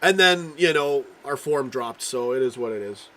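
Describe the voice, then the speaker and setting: A man hosting a casual live-stream football chat, rambling and swearing, reading out viewers' comments while he keeps coughing and clearing his throat. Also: medium pitch, expressive, moderate pace, sharp tone. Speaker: livestream host.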